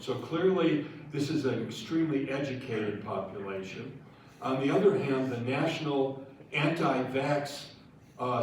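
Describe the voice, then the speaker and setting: A man, a scientist, answering audience questions after a public lecture, thoughtful and halting with restarts. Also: medium pitch, slight background noise. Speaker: guest scientist speaker. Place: lecture hall. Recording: echoey hall, voice from far off.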